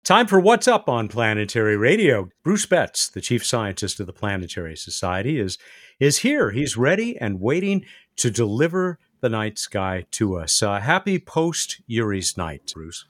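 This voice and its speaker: Man, radio host, animated pitch, dry close sound, bantering. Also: normal speed, no echo. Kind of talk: radio hosting.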